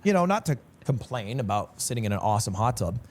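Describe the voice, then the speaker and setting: A man telling a story in a deadpan, mock-serious way, acting out quotes along the way. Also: medium pitch, fast talker, a little hiss or hum. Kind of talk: casual storytelling.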